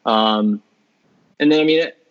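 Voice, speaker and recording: A man's voice: medium pitch, a little slow. A man co-hosting a podcast, talking about movies with enthusiasm and rambling through fillers and restarts. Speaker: podcast co-host. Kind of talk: casual movie discussion. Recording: dull lo-fi sound.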